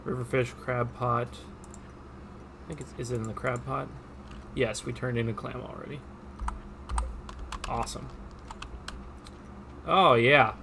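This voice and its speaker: A chatty, upbeat man talks through his farming game on a live stream, greeting viewers between tasks. His voice sits at an ordinary middle pitch. Faint keyboard typing and a light hum stay in the background. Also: steady tone, unhurried, gravelly, long pauses.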